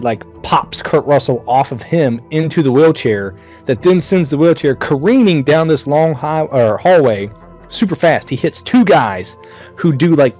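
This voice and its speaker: A mid-pitched man runs through a movie plot in loose, profane podcast banter, jumping into mocking character voices as he goes. The audio is a bit dull and lo-fi, with faint music underneath. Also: darkish tone. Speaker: podcast co-host. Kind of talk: casual movie-recap chat.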